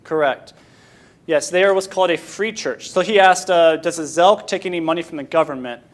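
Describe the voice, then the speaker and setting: Informal and halting, a young American from Michigan gives a Sunday school talk in a slightly high voice. He often backs up to restart his sentences before inviting questions.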